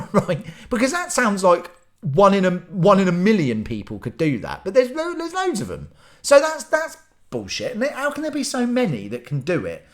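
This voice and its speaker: A man in his thirties tells a casual, skeptical story and laughs through it. His pitch swings widely as he speaks, and he swears freely. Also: huge pitch swings, moderate pace. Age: 30s. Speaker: vlogger.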